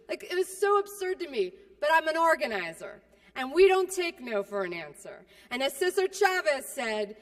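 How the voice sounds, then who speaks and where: A woman from California delivers a keynote as loose, self-mocking comic storytelling. Her voice sits high and she talks in a brash, chatty way. The sound carries the long echo of a large hall. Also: very animated, moderate pace. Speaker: keynote speaker.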